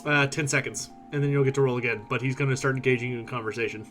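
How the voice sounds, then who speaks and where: A man narrating a tabletop game as game master, relaxed and laughing easily. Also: medium pitch, racing, soft background music.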